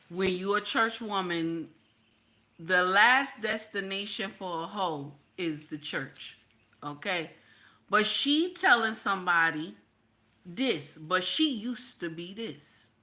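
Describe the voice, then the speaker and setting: A woman hosting casual reaction commentary, animated and brash with preachy asides. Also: mid-range voice, slow. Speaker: commentary host.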